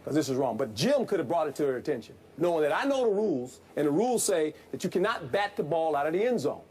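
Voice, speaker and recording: A man, a former football coach, giving animated, folksy analysis in a sports debate and hammering the same point again and again. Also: on the high side, fast talker, breathy edge.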